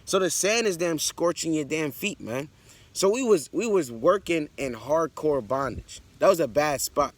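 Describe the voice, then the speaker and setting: A man's voice: a little high, expressive, moderate pace. A man teaching the Bible in a blunt, conversational preaching style. He reads scripture aloud, then explains it, and keeps checking in with "all right" and "man.".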